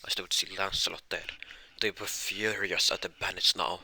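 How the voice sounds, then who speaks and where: A man narrating an improvised fan-fiction story, halting with many restarts and self-corrections. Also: low voice, fairly even intonation, bright, forceful tone, dry recording.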